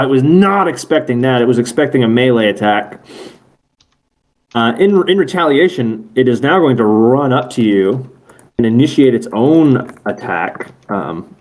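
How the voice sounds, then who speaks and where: A man's voice: mid-range voice, darkish tone. A man narrating as game master over an online call, casual and rambling, often correcting himself.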